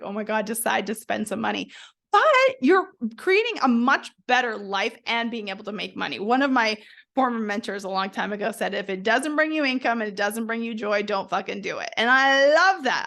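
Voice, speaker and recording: A woman's voice: fairly high pitch, fairly bright tone. A woman hosting a motivational solo podcast, talking bluntly and emphatically and swearing freely. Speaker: podcast host.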